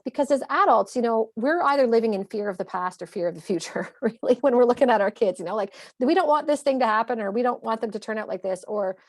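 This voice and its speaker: A woman in her thirties, a parenting coach, explaining in animated, quick conversation. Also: fairly high pitch, no echo, studio quality. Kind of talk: conversational interview.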